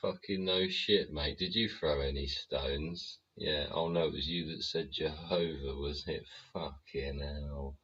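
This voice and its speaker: A man's voice: extremely low pitch, fairly even intonation, a little slow, few pauses, a bit bright, breathy edge, dull audio. A British man hosting a show, ranting profanely in a rambling way and talking back to his chat. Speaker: show host. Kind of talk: ranting livestream commentary.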